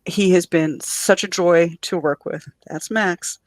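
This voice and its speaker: Woman, writer guest, slightly low voice, animated storyteller, dry close sound. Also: takes it slowly, no room sound. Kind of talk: podcast interview.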